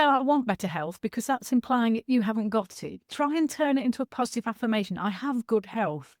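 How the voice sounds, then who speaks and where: Lady in her 60s coaching on a zoom call, high-ish voice, chatty and frank, dry close sound. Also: no room sound. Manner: chatty, animated, frank, laughs easily. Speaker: sobriety coach speaker. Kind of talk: casual talk on a video call. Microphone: video call.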